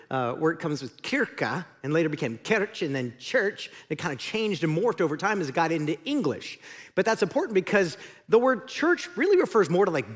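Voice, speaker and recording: A man preaching a sermon as the pastor, conversational and joking, speaking in a large church auditorium. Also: high voice.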